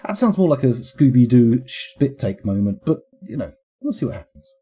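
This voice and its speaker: A man's voice: medium pitch, very animated, normal speed, dark tone, slightly rough. A man streaming a game live, rambling and playful as he thinks aloud.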